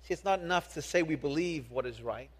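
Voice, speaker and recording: A young man preaching a sermon as a youth pastor, animated, acting out quoted voices and repeating words as he builds his point. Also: fairly high pitch, brisk, breathy edge.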